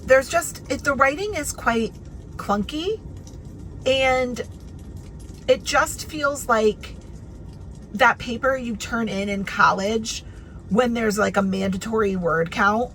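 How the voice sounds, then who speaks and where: A woman's voice: on the high side, slow, pauses often, fairly bright tone, a little hiss or hum. A woman in her thirties chatting casually in a reading vlog, with lots of filler words and restarts. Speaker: book vlogger.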